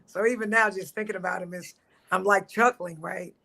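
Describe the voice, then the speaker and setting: A man with a high, gravelly voice speaks over a video call. He gives a warm, humorous tribute, sounding tired. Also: steady tone, brisk. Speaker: pastor and panel guest. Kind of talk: casual tribute.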